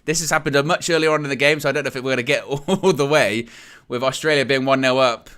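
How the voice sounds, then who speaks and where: A man's voice: mid-range voice, fast, fairly bright tone, clean tone. A man hosting a live fan stream, giving casual running commentary on a football match, with fillers and restarts. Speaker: fan channel host.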